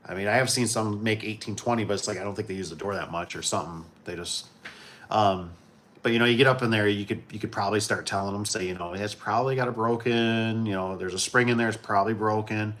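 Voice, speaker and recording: A man from Michigan hosting a casual livestream, talking in a relaxed, rambling way and chuckling often. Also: fairly low pitch, fast talker, slight background noise. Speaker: livestream host.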